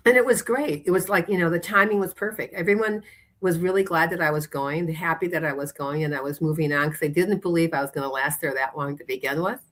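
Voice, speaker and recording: A woman's voice: sits low, fast. A woman chiropractor, a podcast guest, telling long rambling stories and acting out the people she quotes. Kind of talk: casual interview storytelling.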